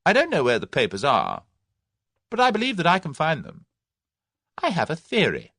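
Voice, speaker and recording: A man's voice: on the high side, huge pitch swings, normal speed, fairly bright tone, no echo, studio quality, voice pushed up, full character voice. A man voicing a brash young Englishman who keeps airy and confident under threat. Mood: bold.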